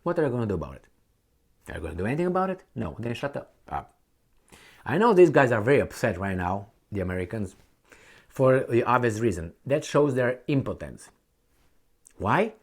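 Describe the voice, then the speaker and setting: A man's voice: mid-range voice, sing-song, brisk, long pauses. A man giving a combative opinion monologue, his voice swinging widely up and down as he jabs with sarcastic rhetorical questions. He sounds blunt and heated throughout. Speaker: political commentator.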